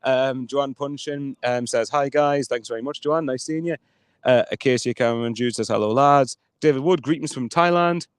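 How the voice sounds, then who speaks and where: A man's voice: medium pitch, moderate pace, clear, resonant tone, dry recording. Man, teasing banter, fan show co-host, dry recording. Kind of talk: live fan podcast chat.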